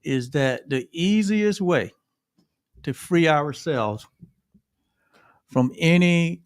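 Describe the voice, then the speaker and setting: Drawing out his words, a middle-aged man co-hosting a livestream speaks earnestly and reflectively about gratitude, repeating himself and tagging on "right?" at the end. His voice is fairly high with lively intonation and a clean tone, captured in studio quality with no room sound.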